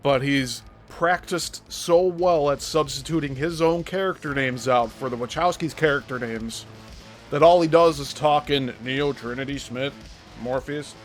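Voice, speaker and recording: A man's voice: mid-range voice, measured pace, soft background music. A male host giving critical commentary on a played clip, explaining his points step by step.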